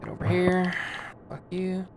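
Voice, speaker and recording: Over background music, a woman streams a game live, casually muttering and swearing at it as she plays. Her voice is fairly low, unhurried, and completely flat in delivery.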